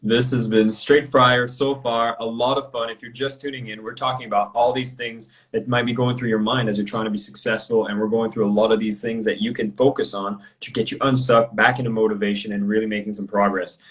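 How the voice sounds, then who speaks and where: A man's voice: fairly low pitch, flat delivery, brisk, hardly any pauses, a bit bright, low-quality recording. A man hosting a live motivational interview, asking open questions in an encouraging way. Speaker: host of a live show. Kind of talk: interview host.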